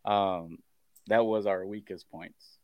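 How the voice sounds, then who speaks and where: A man in a casual chat, speaking hesitantly with many pauses and ums. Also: deep voice, fairly even intonation, darkish tone, dry recording.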